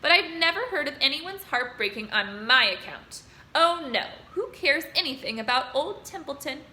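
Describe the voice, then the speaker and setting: A woman's voice: high-pitched, very animated, normal speed, pushed and bright, exaggerated voice. A woman doing a sarcastic grumbling rat. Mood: mocking. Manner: sarcastic, mocking, growling. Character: lazy, grumbling male rat, sarcastic and selfish. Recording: roomy room echo.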